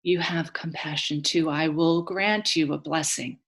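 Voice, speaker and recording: A woman voicing a solemn female goddess of the underworld, speaking in a slow, measured, grave way. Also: low voice, fairly even intonation, vocal fry, slightly rough, heavily acted.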